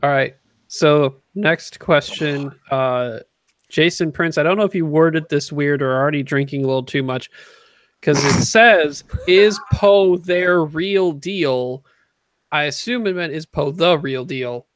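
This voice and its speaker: A man's voice: fairly high pitch, measured pace, a bit bright, no room sound. A man co-hosting a casual livestream, reading viewer questions and explaining game rules in detail.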